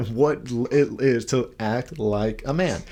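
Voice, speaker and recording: A man's voice: medium pitch, slow, darkish tone. A young man giving an earnest devotional talk as a podcast host, asking many questions while holding his baby at home.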